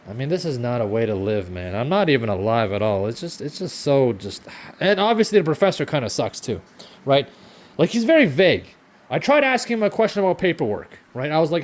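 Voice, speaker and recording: A young man rants into the camera from his kitchen, sarcastic and fed up, cursing freely. His pitch swings widely between highs and lows as he vents. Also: very animated, brisk. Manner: frustrated, sarcastic, swearing often. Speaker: vlogger. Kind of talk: ranting vlog while cooking. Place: home kitchen.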